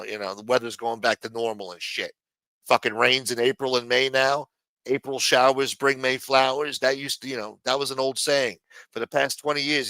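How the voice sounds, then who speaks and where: A man's voice: mid-range voice, pushed and bright, no echo. A man, hosting a livestream and rambling casually, swearing often and tagging "man" onto his sentences. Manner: rambling, profane, says "man" a lot. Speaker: livestream host.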